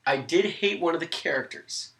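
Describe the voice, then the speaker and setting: Bright-sounding cohost being dry and wry in a chatty movie podcast. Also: mid-range voice, expressive, moderate pace, creaky. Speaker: podcast co-host. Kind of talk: casual chat about movies.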